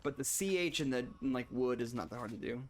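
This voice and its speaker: A man's voice: mid-range voice, fast. A man streaming a video game, chatting casually and rambling with restarts and asides to his viewers. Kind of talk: casual gameplay commentary.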